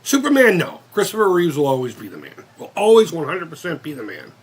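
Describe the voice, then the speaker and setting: A man's voice: on the high side, huge pitch swings, quick pace, breathy edge. A man of fifty hosting a casual live-stream chat, rambling and cursing with many restarts. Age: 50s. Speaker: channel host.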